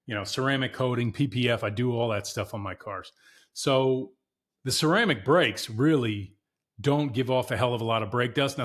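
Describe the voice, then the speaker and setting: A man's voice: mid-range voice, a bit bright. A man hosting a podcast, chatting casually and candidly to viewers about his car, emphatic and repeating himself for emphasis. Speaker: podcast host.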